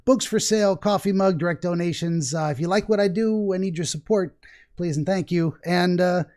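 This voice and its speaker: A man's voice: sits high, moderate pace, darkish tone. A man hosting a podcast, chatting casually and rambling with frequent laughs. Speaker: podcast host. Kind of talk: casual interview chat.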